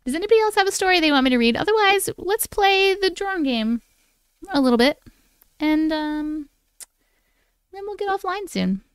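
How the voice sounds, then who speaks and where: A woman's voice: very high-pitched, animated, normal speed, long pauses, no echo, clean studio sound. A woman hosting a casual live stream from home, chatty, gushing and affectionate as she talks with viewers. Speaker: live-stream host reading viewer stories. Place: at home with her cats.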